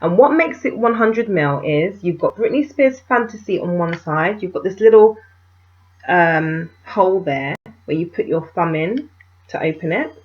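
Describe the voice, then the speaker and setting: A woman chatting to camera as a beauty vlogger, telling stories in an animated way and calling viewers darlings. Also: lowish voice, normal speed, a little hiss or hum. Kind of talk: casual chat to camera. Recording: dull, muffled home video sound.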